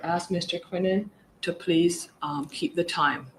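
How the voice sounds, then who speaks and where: A woman commissioner presiding over a hearing, reading out procedure in a formal, measured and firm way. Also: lowish voice, steady tone, a little hiss or hum, poor audio.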